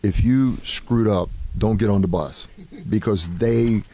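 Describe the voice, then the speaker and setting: An older man with a lowish voice tells stories from his playing days at an easy pace, with plenty of "you know" and "um" along the way. The sound is close and dry, with no room around it. He comes across as a guest looking back in a casual interview. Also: unhurried, no room sound. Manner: relaxed anecdotal storytelling with many fillers. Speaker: former baseball player, guest.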